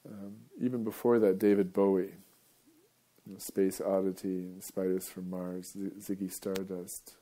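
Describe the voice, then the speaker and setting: A man's voice: deep voice, flat delivery, a little slow, dark tone. A male radio host talking in a casual, rambling monologue, wandering off topic and chuckling often.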